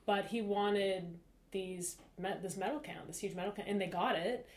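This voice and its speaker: A woman co-hosting a podcast, explaining things in a casual, talkative way with quick bursts and frequent fillers. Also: mid-range voice, fairly even intonation. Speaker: podcast co-host. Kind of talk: casual discussion. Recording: roomy echo.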